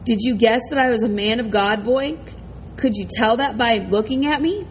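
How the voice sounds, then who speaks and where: A menacing ex-convict preacher, commanding and mocking, drawling his orders, as a woman reads him in a storybook voice. The voice sits fairly high, with a faint hiss behind it. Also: moderate pace, lightly acted, rough recording. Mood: coaxing.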